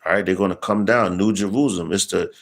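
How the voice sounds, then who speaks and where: A man preaching in a casual street style, slangy and profane, stopping to read scripture verses slowly with emphasis. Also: low-pitched, gravelly.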